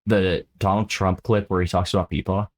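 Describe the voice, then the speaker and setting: A man's voice: low-pitched, level tone, normal speed. A drunk man hosting a podcast, rambling and joking crudely in casual chat. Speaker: podcast host.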